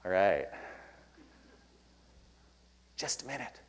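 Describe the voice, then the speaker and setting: Speaking slowly in a deep, sing-song voice, a man delivers a conference keynote to an audience in the hall. He tells a story and acts out his own lines in a raised voice.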